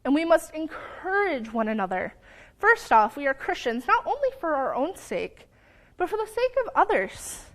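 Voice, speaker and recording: Young woman, high voice, earnest lay preacher, lively storytelling, church sermon. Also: normal speed. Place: church sanctuary.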